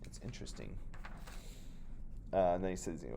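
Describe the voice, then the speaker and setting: A man's voice: deep voice, animated, fairly quick, gravelly, warm tone. A man teaching a class, reading a play aloud and thinking aloud about the text.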